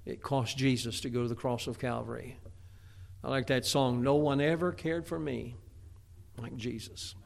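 Gravelly, folksy man preaching. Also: medium pitch, fairly even intonation, moderate pace. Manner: folksy, repetitive, stammering restarts. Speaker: pastor. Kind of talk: sermon.

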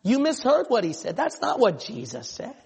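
High-voiced preacher in a reverberant church. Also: male voice, wildly swooping pitch, normal speed, a little mellow, breathy edge. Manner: impassioned preaching, voicing imagined listeners. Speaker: pastor. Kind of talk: sermon.

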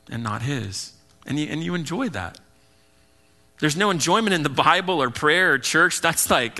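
A male pastor preaching an earnest, emphatic sermon, slipping into quick acted asides. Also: a little high, sharp tone.

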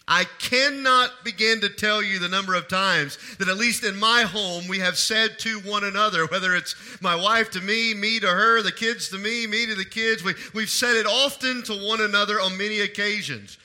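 Preaching with a high-pitched, bright and forceful tone, this middle-aged man leads a sermon as pastor. He poses questions to the congregation, waits for replies, and repeats key phrases to drive them home.

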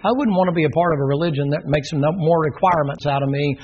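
A husky, somewhat high-voiced man with a drawl preaches with vivid, dramatic storytelling. The recording sounds dull and lo-fi. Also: quick pace. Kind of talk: sermon.

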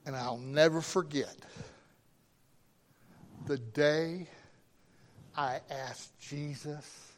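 A middle-aged man, a pastor, telling a folksy story in a sermon with animated quoted voices. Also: on the high side, extremely slow, pauses often. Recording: long reverb of a hall.

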